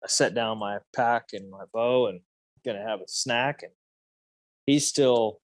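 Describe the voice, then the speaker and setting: A man's voice: lowish voice, unhurried, dry recording. A man in his thirties telling a story as a podcast guest, loose and rambling, full of fillers. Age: 30s. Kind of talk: casual storytelling.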